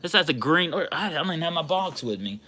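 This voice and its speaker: A man hosting a sports card livestream, chatting casually and getting loudly excited over his pulls. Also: on the high side, fast. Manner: excitable, hollering and laughing over a big pull.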